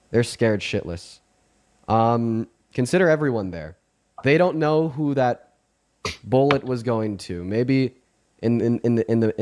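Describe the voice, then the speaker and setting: A man's voice: mid-range voice, darkish tone. A man hosting a livestream, earnest and repetitive, often restarting his words. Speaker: livestream host. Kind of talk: livestream commentary.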